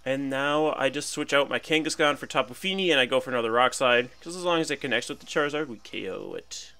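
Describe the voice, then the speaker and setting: A man's voice: medium pitch, fast, vocal fry, sharp tone. A young man casually commentating his own battle game, chatty and playful, thinking aloud about each move. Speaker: gaming commentator.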